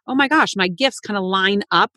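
A woman's voice: mid-range voice, normal speed, pushed and bright, dry recording. A woman in her thirties, a mother and coach, chatting with enthusiasm and casual swearing. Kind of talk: casual chat.

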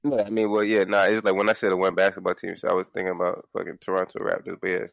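A man's voice: low-pitched, monotone, rapid-fire, vocal fry, no room sound. A man co-hosting a casual sports podcast from home, loose and profane, rambling with restarts. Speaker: podcast co-host.

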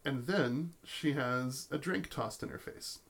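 A man's voice: medium pitch, slow, gravelly, a bit bright. A man narrating as game master of a tabletop role-playing game, telling the story with many fillers and restarts.

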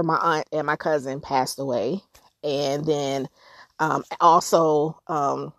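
Low-voiced middle-aged woman sharing candidly. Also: no room sound, studio quality. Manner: candid, conversational, animated bursts when recalling anger. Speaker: podcast host. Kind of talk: personal storytelling podcast.

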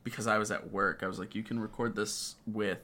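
A man's voice: lowish voice, steady tone, brisk, sharp tone. A man who is a guest co-host on a podcast, chatting casually in a laid-back way with fillers.

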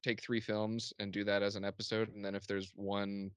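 A man's voice: on the low side, monotone, moderate pace, smooth, no echo. A young man chatting casually as a podcast guest, rambling with lots of filler words. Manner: rambling, filler-heavy, laid-back. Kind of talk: casual chat.

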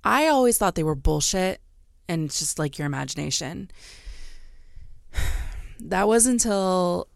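A woman in her thirties co-hosting a podcast, telling an animated story in casual chat and swearing freely. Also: lowish voice, measured pace, creaky, long pauses, no room sound, clean studio sound. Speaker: podcast co-host.

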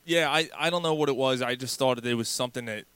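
A man's voice: medium pitch, quick pace, fairly bright tone, smooth, no echo. A man hosting a casual sports podcast, talking in a rambling way with lots of fillers and restarts. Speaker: podcast host.

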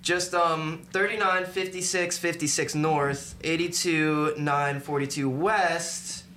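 Bright high-voiced playful man. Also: steady tone, slow. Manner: playful, laughing. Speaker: band member. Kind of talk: casual storytelling chat. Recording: echoey room with faint noise.

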